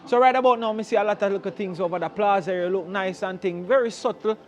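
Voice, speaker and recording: A man with a Jamaican accent, narrating a walking tour outdoors on a town street, chatty and full of patois shout-outs. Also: sits high, fast talker.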